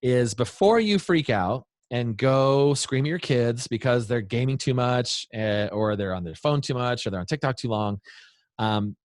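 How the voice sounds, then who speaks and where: A man in his thirties or forties, an interview guest giving parenting advice in an earnest, animated way. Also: medium pitch, no room sound, clean studio sound. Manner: earnest, animated, acts out quoted voices. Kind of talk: interview storytelling.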